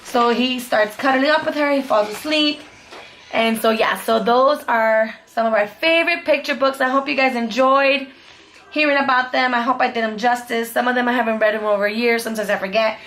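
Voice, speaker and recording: This woman's voice is a little high, steady, slightly bright, and a touch fast. She's a homeschool mom vlogging casually and cheerfully about picture books she loves, chatty and upbeat, with "super cute" coming up repeatedly.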